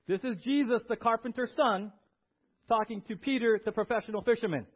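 A male pastor preaching a sermon in a church. He is animated and emphatic and asks the congregation questions. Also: very high-pitched, fairly quick, slightly rough. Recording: dull lo-fi recording.

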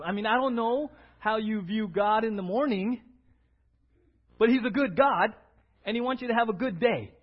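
A male pastor preaching a sermon in a church, acting out little scenes and swinging from loud to quiet. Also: slightly rough. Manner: animated, acts out little scenes with big swings in pitch and loudness. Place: church sanctuary. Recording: dull lo-fi church audio.

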